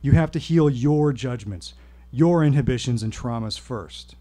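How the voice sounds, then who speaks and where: A man voicing an earnest male hypnosis teacher who speaks gravely and gives firm instructions. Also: medium pitch, measured pace, dark tone, natural voice. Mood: commanding.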